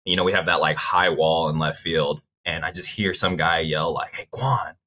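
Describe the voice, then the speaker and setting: Low bright-voiced young man telling stories. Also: flat delivery, moderate pace. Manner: rambling storyteller, frequent "like" fillers. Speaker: baseball player guest. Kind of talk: casual interview chat.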